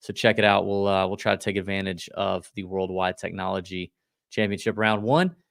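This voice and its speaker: A man co-hosting a golf betting podcast, talking in a quick, loose, joking way. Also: low voice, steady tone, creaky, fairly bright tone, no room sound, studio quality. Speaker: podcast co-host. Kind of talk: casual golf betting chat.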